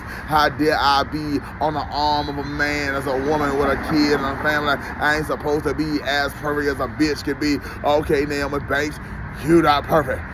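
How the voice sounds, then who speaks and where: A man's voice: on the high side, gravelly, background noise. A man in his forties ranting in an unscripted vlog, profane and rambling, often laughing. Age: 40s. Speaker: vlogger. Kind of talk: unscripted rant.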